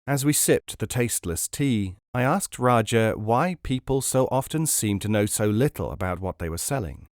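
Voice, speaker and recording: A man reading a book aloud as a podcast narrator, in a measured, even storytelling manner. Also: fairly low pitch, dry recording, studio quality.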